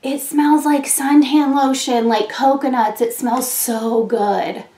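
A chatty middle-aged woman tells a story while she does her makeup at home, laughing often and filling pauses with "um" and "like". Her voice sits fairly high for a woman. The room around her rings with a noticeable echo. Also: steady tone, mellow. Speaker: beauty vlogger. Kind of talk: casual chat while doing makeup.

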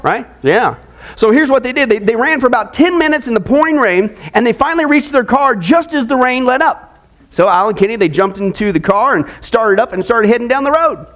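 High-voiced pastor telling a joke story, playful, keeps the crowd involved. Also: male voice, a little fast. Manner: animated, joking, draws in the audience. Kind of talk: sermon storytelling.

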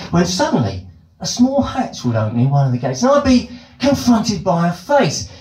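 A man's voice: sits high, huge pitch swings, normal speed, darkish tone, echoey room, soft background music, rough recording. A British man doing stand-up comedy, telling a long story in elaborate, ironic phrasing on a club stage with a handheld mic.

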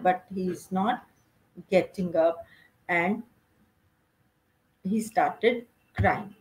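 A woman's voice: medium pitch, drawn-out words, pauses often, darkish tone, poor audio. Teacher lady going through a play, asks the class questions as she goes. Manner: explanatory, asks rhetorical questions. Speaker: English teacher. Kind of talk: recorded lesson explaining a play.

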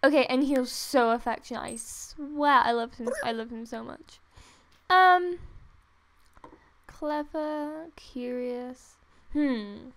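A young woman giving casual, excitable commentary while playing a game late at night. She is tired but gushing and giggly, and often squeals. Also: sits high, takes it slowly, slight background noise. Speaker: gaming video creator. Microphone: desktop USB microphone.

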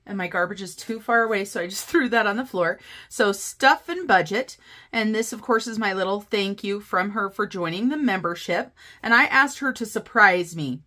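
A woman's voice: medium pitch, moderate pace, sharp tone. A woman chatting casually to her viewers as a budgeting vlogger, bubbly and gushing. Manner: bubbly, gushing, often says "you guys". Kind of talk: casual chat to camera.

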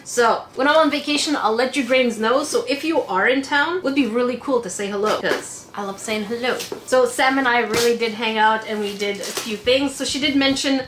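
A young woman from Quebec chatting excitedly to camera as she unboxes fan mail at home. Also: fairly high pitch. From Quebec, Canada. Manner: chatty and excitable, laughs often. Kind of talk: casual chat to camera. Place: room at home. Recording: echoey room.

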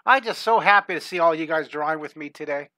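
A man's voice: a little high, fast, pushed and bright, dry recording. A middle-aged man hosting a live online drawing lesson for young kids, upbeat and encouraging, greeting viewers by name as he draws. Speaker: art teacher hosting a live drawing class.

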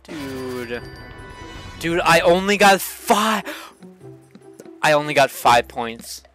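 A young man giving excitable, swearing commentary while playing a kart racing game, often jumping up into high yelps. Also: takes it slowly, faint music behind. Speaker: gaming channel host. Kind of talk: let's play commentary.

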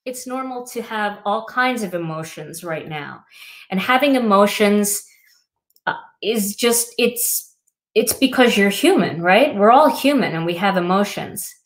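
A woman's voice: mid-range voice, expressive, a little slow. Woman, middle-aged, crafting show host, casual chat, reflective, filler words. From Wisconsin. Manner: chatty, reflective, many fillers.

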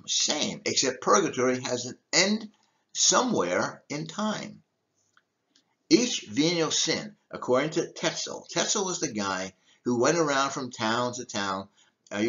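A man's voice: medium pitch, a bit bright, lo-fi sound. An older man, a deacon, giving an emphatic teaching talk with rhetorical questions. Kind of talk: teaching talk on church history.

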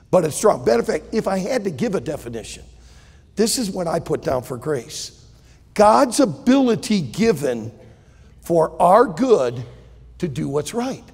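A male pastor preaching a sermon, telling a story and swinging between hushed and loud delivery. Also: sits high, big pitch swings, a little slow, creaky, husky, long reverb tail.

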